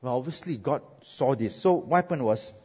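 Lively preacher with a Singaporean English accent. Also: male voice, medium pitch, moderate pace, breathy edge. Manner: lively, joking, asks the crowd "right?". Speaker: pastor. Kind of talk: sermon. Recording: muffled sound with long hall echo.

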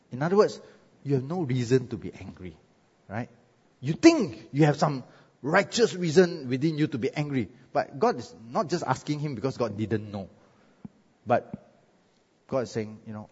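Through a muffled recording with a long hall echo, a pastor speaking Singaporean-accented English delivers a sermon. His voice is medium-pitched, husky, and brisk. He jokes with the crowd and keeps checking in with "right?"

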